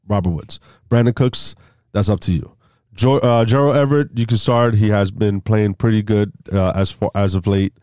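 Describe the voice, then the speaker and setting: A man's voice: dry recording, clean studio sound. A man co-hosting a fantasy football podcast, leading the segments in casual chat, often stumbling and restarting his sentences. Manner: leads the segments, stumbles and restarts, lively pitch swings.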